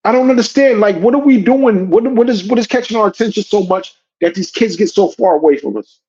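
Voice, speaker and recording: Slangy high-voiced man telling a story. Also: brisk, lo-fi sound. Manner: slangy and animated, says "yo" and "you know what I'm saying". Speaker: podcast host. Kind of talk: casual storytelling.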